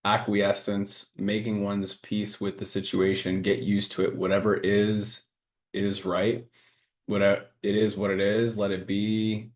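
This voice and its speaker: A man co-hosting a casual podcast, talking earnestly and reading a list of sayings aloud in a steady way. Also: on the low side, measured pace. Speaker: podcast co-host and coaching business owner.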